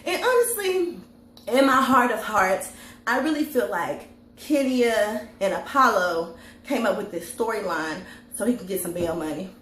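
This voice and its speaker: A woman's voice: mid-range voice, expressive, a little slow, a bit bright. Brash, swearing woman recapping TV. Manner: brash, profane, laughs often. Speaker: TV recap vlogger. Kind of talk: casual reality-TV recap. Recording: echoey room with faint hiss.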